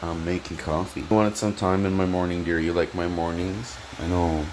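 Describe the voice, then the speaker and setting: A man with a low, deep voice and a Canadian accent talks to a handheld camera in a small apartment kitchen. He rambles and halts, trails off with fillers, and speaks fondly in pet names. There is a faint hiss of noise behind him. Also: flat delivery. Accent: Canadian English. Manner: halting, full of fillers and trailing restarts; affectionate, talks in pet names to an absent listener and his cat. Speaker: vlogger. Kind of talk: rambling home vlog talk to camera.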